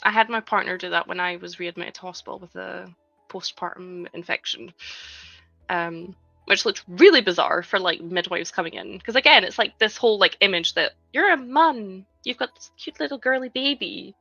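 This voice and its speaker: A woman in her thirties talks casually to her live-stream chat, her voice bright with a gravelly edge. The audio is dry and slightly dull, with faint music underneath. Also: mid-range voice, normal speed, no echo. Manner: chatty, reads chat aloud, frequent "like". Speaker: livestreaming LEGO builder.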